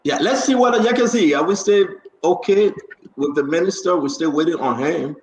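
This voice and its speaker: A man's voice: high-pitched, moderate pace, echoey room, slight background noise, poor audio. A man hosting a casual online talk show, chatty and upbeat, drifting into preachy asides.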